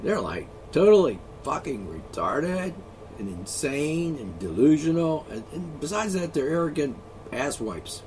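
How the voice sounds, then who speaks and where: A man's voice: a little high, very animated, measured pace, darkish tone, slight background noise. A man vlogging an angry solo rant, profane, sarcastic and mocking.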